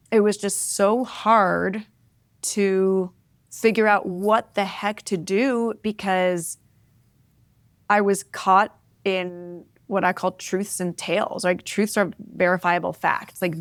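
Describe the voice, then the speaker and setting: A woman in her forties, an interview guest, telling candid personal stories in an expressive, reflective way, often adding "like" and "right?". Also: medium pitch, dry recording, studio quality. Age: 40s. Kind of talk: candid conversational storytelling.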